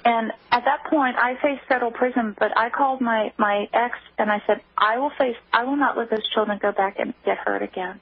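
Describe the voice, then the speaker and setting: A woman's voice: fairly high pitch, husky, no room sound. Woman telling her story over a phone line. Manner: emotional personal testimony, halting restarts. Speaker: guest. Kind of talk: phone-in radio interview.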